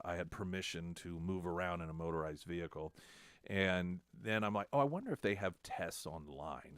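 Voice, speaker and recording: Low-voiced man telling a self-mocking story. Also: clear, resonant tone, no room sound. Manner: self-deprecating, animated retelling with quoted dialogue. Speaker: radio talk show host. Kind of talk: casual storytelling on air. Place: radio studio.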